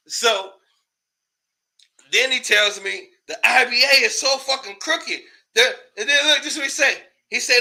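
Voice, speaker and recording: A man's voice: very high-pitched, takes it slowly, gravelly, long pauses, sharp tone. A man hosting a casual commentary show, ranting in a loose, profane way, laughing often and repeating words when worked up.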